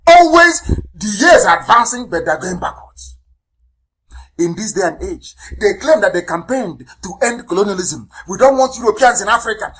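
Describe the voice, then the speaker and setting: A man from Nigeria, giving an impassioned radio address as a movement leader. He repeats phrases, spells words out letter by letter, and swings between loud outbursts and low, quiet asides. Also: poor audio.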